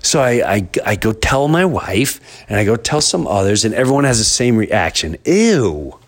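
Animated man telling a comic story. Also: lowish voice, normal speed. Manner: animated, exaggerated storytelling with many restarts. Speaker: podcast host. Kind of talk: comedic storytelling.

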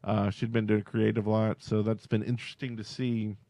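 A man's voice: lowish voice, level tone, brisk, dark tone, dry recording. A man co-hosting a podcast, chatting casually and rambling with lots of "like" fillers. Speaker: podcast co-host. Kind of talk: casual chat.

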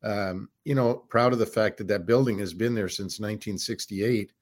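Low-voiced older man, frank interview guest. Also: steady tone, moderate pace. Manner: frank and plainspoken, with frequent uh and um hesitations. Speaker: former hockey general manager, guest. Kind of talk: interview answers.

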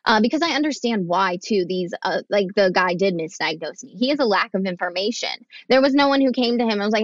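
A young woman speaking as a podcast guest, candid and animated, acting out the voices she quotes. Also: mid-range voice, fast talker, hardly any pauses, no echo, highs cut off. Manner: animated, acts out quoted voices, frank and profane. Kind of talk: candid conversational storytelling.

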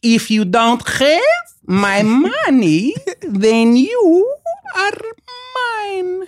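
A man doing an impression of a menacing male gangster card player with a Russian accent, slow and theatrical. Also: very high-pitched, very animated, dry recording, studio quality, voice pushed up, exaggerated voice. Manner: slow, drawn-out, theatrical threat. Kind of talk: impression in casual chat.

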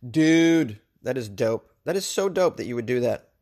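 A man's voice: mid-range voice, expressive, a little fast, a little mellow. A man hosting his own podcast, a stand-up comic chatting casually and jokingly, rambling with lots of fillers. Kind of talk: casual solo podcast chat.

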